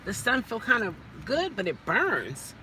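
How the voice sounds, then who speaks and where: A woman's voice: a little high, huge pitch swings, a little slow, bright, forceful tone, a little hiss or hum. A woman vlogger chatting casually to her live viewers from her car, laughing often. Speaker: vlogger and rideshare driver. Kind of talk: casual live-stream chat. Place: in a parked car.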